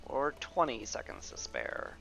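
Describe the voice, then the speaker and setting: Male gamer, gravelly and animated, casual playthrough commentary. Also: mid-range voice, over music. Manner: musing aloud, playful asides, drawn-out fillers. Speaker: video game player.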